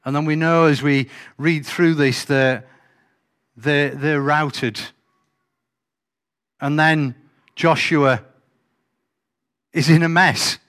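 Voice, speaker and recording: A man's voice: a little high, fairly even intonation, slow, long pauses, fairly bright tone. A man preaching a sermon, conversational and emphatic, with rhetorical questions. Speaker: pastor.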